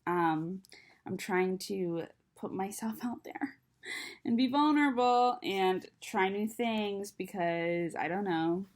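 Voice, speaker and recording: A woman's voice: mid-range voice, takes it slowly. A young adult woman chatting casually to camera, rambling and self-deprecating, with a slight lisp from braces. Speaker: vlogger.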